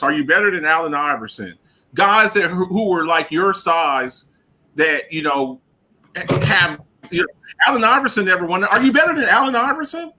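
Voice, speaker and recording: A man on a talk radio show rants about sports in a casual, emphatic way. His voice sits high and swings widely, with a bright edge. He stumbles over repeated words and laughs as he goes. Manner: animated, emphatic, repeats himself, laughs often.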